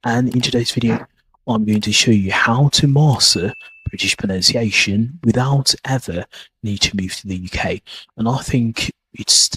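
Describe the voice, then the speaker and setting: A man's voice: on the low side, a bit bright, breathy edge, low-quality recording. A man hosting a podcast lesson, talking casually and rambling as he repeats his points. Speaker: accent teacher. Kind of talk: casual teaching monologue.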